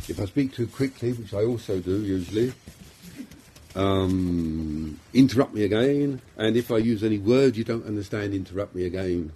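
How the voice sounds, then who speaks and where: A man's voice: lowish voice, moderate pace, mellow, husky. A middle-aged man with a London accent, a psychiatrist giving an informal, self-deprecating talk to a small group, full of fillers and restarts. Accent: London English.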